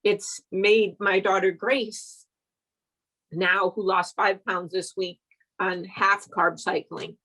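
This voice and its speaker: On a casual group video call, a woman encourages a friend, praising her in an emotional, rambling way as she holds back tears. Her medium-pitched voice is slow and sharp with a level tone. The recording quality is low.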